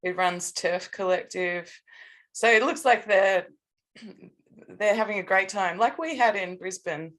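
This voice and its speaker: An Australian woman co-hosting a podcast in casual chat, halting and restarting her sentences often. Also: medium pitch, a bit bright. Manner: halting, many restarts and fillers. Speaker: podcast co-host.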